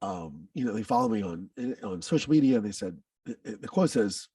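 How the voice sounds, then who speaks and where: A man guesting on a podcast speaks in a low, husky voice that rises and falls a lot. He talks with blunt intensity and swears often. He sits somewhat away from the microphone in a dry room with no echo. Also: expressive, moderate pace, darkish tone, distant mic. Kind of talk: candid personal storytelling.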